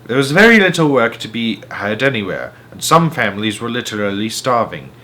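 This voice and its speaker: A man reading a children's book aloud as a storyteller, at a steady, expressive pace. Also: mid-range voice, brisk.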